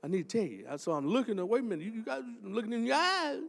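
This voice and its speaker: An older man, preaching a testimony sermon as associate pastor and telling a story that builds up into shouting. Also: high voice, fast, creaky, in a large hall. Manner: animated storytelling, swells into shouting.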